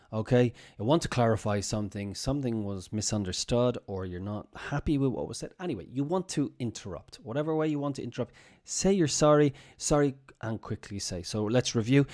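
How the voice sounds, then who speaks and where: A man's voice: medium pitch, expressive, a little mellow. Chatty male English teacher on a live stream. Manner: chatty, repeats example phrases slowly.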